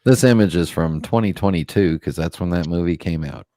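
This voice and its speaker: A man's voice: low voice, a little fast, warm tone. A man from Southern California, co-hosting a casual group chat and joking as he points things out on a map. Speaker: co-host.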